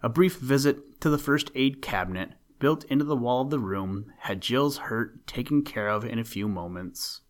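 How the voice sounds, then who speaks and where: A man reads a storybook aloud at a measured, even pace. His voice is mid-pitched and plain, with no strong coloring. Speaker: narrator. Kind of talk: storybook reading.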